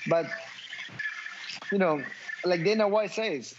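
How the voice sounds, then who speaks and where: A man's voice: sits high, slow pace. A man who fights in mixed martial arts, giving a post-fight interview, talking emphatically with lots of swearing, stumbling and repeating words. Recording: dull audio with clear background noise.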